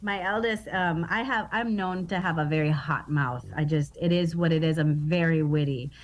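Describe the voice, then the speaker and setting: A woman in her thirties from East Baltimore, a comedian talking in a casual interview, with a Baltimore accent that slips into Trinidadian, lively and laughing as she tells stories. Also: low-pitched, moderate pace, highs cut off. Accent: Baltimore with Trinidadian traces. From East Baltimore, USA. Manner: lively, laughing, witty storyteller. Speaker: comedian guest.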